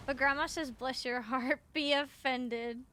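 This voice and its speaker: A woman's voice: high voice, steady tone, unhurried, bright, forceful tone, slight background noise. A woman from Canada, chatting casually with her viewers during a live game stream and swearing freely. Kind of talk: live gaming stream chat.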